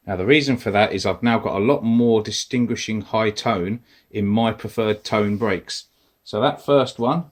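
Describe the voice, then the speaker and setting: A man casually walking through device settings step by step, talking as he presses buttons. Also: lowish voice. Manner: relaxed, explains step by step while pressing buttons. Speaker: metal detecting tutorial host. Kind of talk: casual instructional walkthrough.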